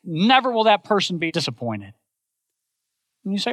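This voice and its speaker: A woman's voice: medium pitch, very animated, normal speed, fairly bright tone, no room sound. A middle-aged woman pastor giving a sermon in an emphatic, repetitive preaching cadence.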